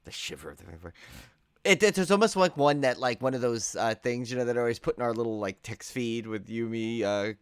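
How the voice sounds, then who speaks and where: A man's voice: mid-range voice, brisk, few pauses, smooth, no echo. A tired man co-hosting a podcast in casual chat, rambling and joking as he drifts off on tangents. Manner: rambling, jokey, wanders off on tangents. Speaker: podcast co-host.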